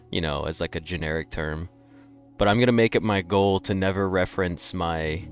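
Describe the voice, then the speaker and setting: A tired young man streaming a game, chatting loosely with his viewers and yawning, rambling with many fillers. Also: sits low. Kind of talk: casual live-stream chat with viewers.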